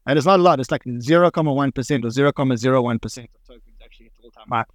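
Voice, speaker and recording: A man's voice: mid-range voice, racing, dry recording. A man with a South African accent, a co-host on a live audio panel, explaining at length and running through lists of figures. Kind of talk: casual panel talk.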